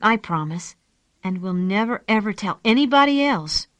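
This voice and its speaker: A woman voicing a protective twelve-year-old boy in a storybook reading, hushed and fierce. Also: medium pitch, expressive, measured pace, no echo.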